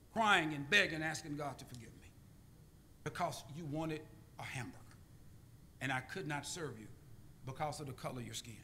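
A man preaching a sermon, telling stories with deliberate pauses and calling for amens. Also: fairly high pitch, bright, forceful tone, a little hiss or hum. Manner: call-and-response, deliberate pauses. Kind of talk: sermon with storytelling.

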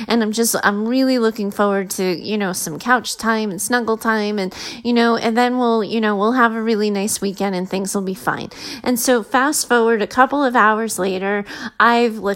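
A woman's voice: fairly high pitch, rough recording. Chatty, candid woman telling a story. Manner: candid, chatty, animated when reliving emotion. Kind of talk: personal storytelling to listeners.

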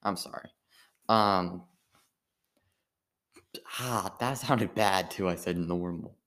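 A tired man, an amateur comedian, rambling in a halting casual monologue full of restarts. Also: low voice, fairly bright tone.

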